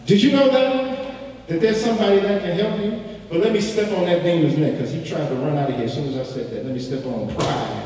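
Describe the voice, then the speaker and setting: Pastor guy preaching hard, high lively voice, big echoey church from far off. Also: brisk. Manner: impassioned preaching with dramatic swings from soft to shouting; repeats phrases for emphasis. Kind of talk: sermon. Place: church sanctuary. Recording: echoey church hall, distant mic.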